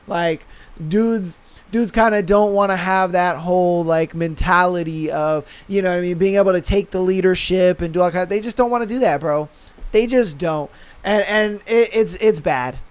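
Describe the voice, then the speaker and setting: A young man with a fairly high, smooth voice rants to his listeners in loose, profane slang. He often drops into quick impressions of what other people say before going back to his own point. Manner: blunt, slangy and profane, mimics others mid-rant. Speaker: podcast host. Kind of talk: casual opinion rant.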